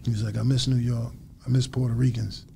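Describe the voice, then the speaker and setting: Appearing as an interview guest, a man tells a story with lots of energy, acting out what other people said. His voice sits in the mid-range, moves fairly quickly and has a creaky texture.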